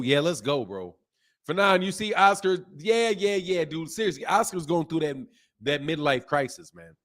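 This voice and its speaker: A man's voice: fairly high pitch, normal speed. A man hosting a casual live stream about boxing, talking in slang and reacting to chat comments. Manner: animated, slangy, reads chat comments aloud. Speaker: boxing channel host.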